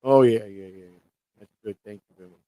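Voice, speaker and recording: A man's voice: on the low side, quick pace, dark tone, no echo, poor audio. Rambling man in easy stream chat. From Chicago. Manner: rambling, repeats himself, trails off. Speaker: co-host. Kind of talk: casual live-stream chat.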